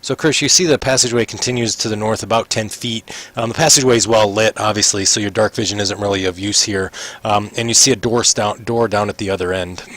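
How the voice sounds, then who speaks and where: A man's voice: lowish voice, fairly even intonation, quick pace, few pauses, a bit bright. A man running a tabletop game over voice chat, narrating hesitantly with many ums and restarts. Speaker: game master.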